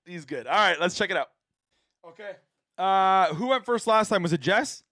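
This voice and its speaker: A man hosting a casual reaction panel, animated, laughing often and repeating himself for emphasis. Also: high-pitched, moderate pace, dry recording. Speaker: host of a reaction stream.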